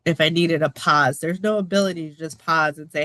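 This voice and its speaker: Woman guest, earnest and open, dry close sound, expressive quoting of others. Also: brisk, no room sound. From United States. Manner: earnest, open and expressive, with frequent small laughs; acts out quoted remarks with lively pitch jumps. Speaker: podcast guest. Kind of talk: casual interview talk.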